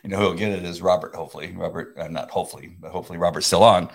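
A man in his fifties co-hosting a casual faith chat, excitable and laughing often, often restarting mid-sentence. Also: sits low, very fast, creaky. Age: 50s. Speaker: co-host.

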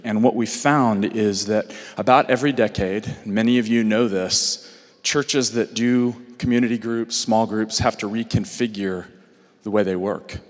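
A hoarse man, a pastor, making friendly, chatty announcements to his congregation before the sermon. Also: lowish voice, big-room sound. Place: church sanctuary.

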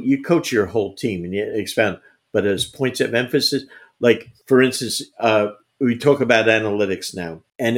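An older man, a veteran basketball coach, answering interview questions with emphatic anecdotes and frequent restarts. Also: on the low side. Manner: emphatic, repeats words, tells anecdotes. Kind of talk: conversational interview storytelling.

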